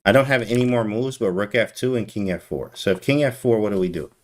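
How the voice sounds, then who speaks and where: A man's voice: fairly low pitch, quick pace. A man giving casual, teasing chess commentary on a live stream and talking to his chat. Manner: animated, teasing, talks to chat.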